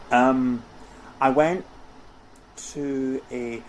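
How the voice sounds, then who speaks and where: A man's voice: medium pitch, fairly even intonation, a little slow, darkish tone. A middle-aged man chats about his past as an interview guest. He rambles easily, restarting his phrases and filling gaps. A faint hiss sits under the recording. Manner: chatty, rambling, with many restarts and fillers. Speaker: interview guest, costume house owner. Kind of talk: casual conversational interview.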